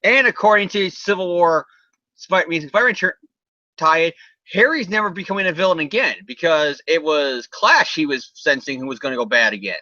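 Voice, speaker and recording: A man's voice: a little high, lively intonation, normal speed, pushed and bright, no room sound, lo-fi sound. A man hosting a casual comedy podcast, recapping a comic in a rambling, sarcastic, profane way.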